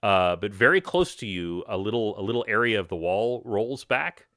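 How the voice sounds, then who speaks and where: A man's voice: lowish voice, lively intonation, normal speed, fairly bright tone, no room sound, clean studio sound. A man narrating a tabletop game as game master, loose and rambling with many fillers.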